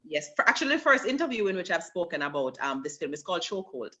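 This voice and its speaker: A Jamaican actress in an interview, telling stories animatedly and slipping into patois. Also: female voice, fairly low pitch, fast talker. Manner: animated storyteller, slips into patois. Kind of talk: conversational interview.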